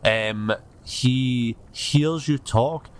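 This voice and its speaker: A man narrating as game master in a relaxed, casual way. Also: mid-range voice, very slow. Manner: casual, loose, filler-heavy.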